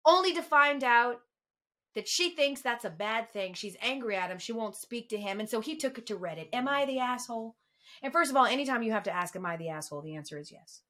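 A woman's voice: fairly high pitch, lively intonation, brisk, sharp tone. A woman co-hosting a casual podcast chat, telling stories animatedly and acting out the people she quotes. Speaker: podcast co-host.

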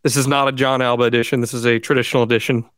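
A man's voice: mid-range voice, little pitch movement, very fast, fairly bright tone, smooth, no room sound. A man co-hosting a podcast and running a true-or-false game, with upbeat, playful game-show patter on a studio mic. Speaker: podcast co-host and quiz master.

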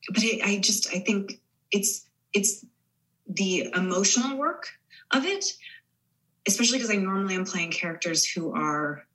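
A woman's voice: mid-range voice, normal speed, fairly bright tone, low-quality recording. A woman in her forties, an actress guest on a podcast, talking casually with many fillers and restarts.

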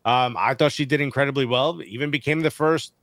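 A man co-hosting a casual sports podcast, animated and joking, using slang, on a studio mic. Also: mid-range voice, brisk, no echo. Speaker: podcast co-host.

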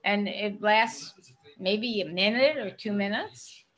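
An older actress in a casual interview, a chatty storyteller who laughs often. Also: female voice, mid-range voice, slow, fairly bright tone, low-quality recording. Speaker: actress guest.

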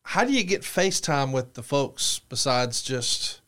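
A man's voice: medium pitch, sing-song, measured pace, pushed and bright. A man hosting a podcast interview, reading book passages aloud and asking follow-up questions. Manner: prompting, reads quoted passages then asks follow-ups. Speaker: podcast host.

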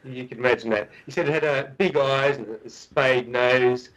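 A man, a guest researcher, telling a story in a chatty, animated way with frequent restarts. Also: mid-range voice, normal speed, low-quality recording. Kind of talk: casual storytelling.

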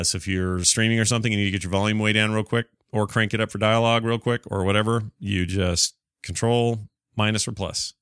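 A man with a fairly low voice hosts a casual solo gaming podcast, reading out listener emails and riffing on them. He rambles and restarts, pokes fun at himself, and sounds close to the mic in a dry, dead room. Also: a bit bright, dry recording. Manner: chatty, self-deprecating, rambling with restarts. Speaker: podcast host.

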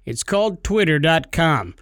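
Young male podcast co-host, higher voice, playful and teasing, dry close sound. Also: very animated, moderate pace, fairly bright tone, no echo. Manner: jokey, teasing, theatrical. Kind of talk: casual podcast banter.

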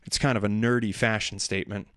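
A man's voice: fairly low pitch, steady tone, fast, fairly bright tone, no echo, clean studio sound. A man in his thirties hosting a casual solo chat, rambling with laughs, restarts and self-mocking asides. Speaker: podcast host and musician.

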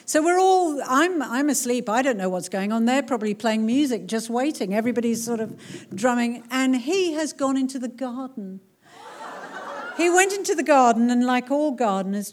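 Middle-aged woman author, animated live storyteller, slightly high voice, faint noise behind. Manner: animated storytelling, laughs often. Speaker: author giving a talk. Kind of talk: live talk with audience Q&A. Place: cultural centre hall before a crowd.

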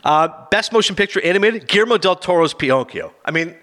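A man's voice: sits high, animated, fast, pushed and bright. A man riffing in casual, opinionated chat about award winners, acting out quotes in funny voices. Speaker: film commentator.

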